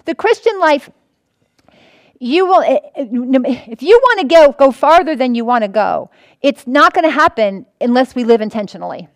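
High-voiced woman preaching with earnest repetition. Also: expressive, moderate pace, no room sound. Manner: earnest, repeats herself, frequent restarts. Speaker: pastor. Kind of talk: sermon teaching.

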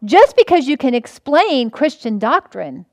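A woman pastor delivers a teaching sermon in a high voice. She is earnest and circles back over her points again and again, restarting phrases as she goes. The sound is close and dry, with no room around it. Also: sing-song, a little slow, no room sound. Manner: earnest, repeats herself, frequent restarts.

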